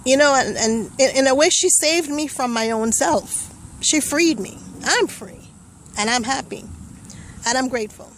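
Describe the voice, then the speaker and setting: A woman's voice: high-pitched, unhurried, a bit bright, a little hiss or hum, poor audio. A young woman giving a personal testimonial, telling her story vividly and acting out the voices and thoughts she remembers. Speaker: testimonial speaker.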